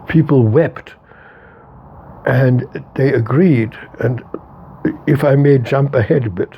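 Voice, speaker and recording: A man's voice: mid-range voice, gravelly, lo-fi sound, slight background noise. A man in his eighties speaking as an interviewee and philosopher. He talks in an emphatic, repetitive way and openly lets his emotion show. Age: 80s. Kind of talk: reflective interview talk.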